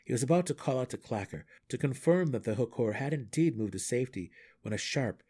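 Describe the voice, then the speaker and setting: A man reading a fantasy novel aloud in steady, measured storytelling. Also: medium pitch, husky. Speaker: audiobook reader. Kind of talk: fan audiobook narration.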